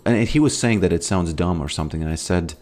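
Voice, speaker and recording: A man's voice: low-pitched, fast, a little mellow. A man with an American accent casually commenting on his gameplay as a streamer, reading chat questions aloud and rambling with loose, trailing thoughts.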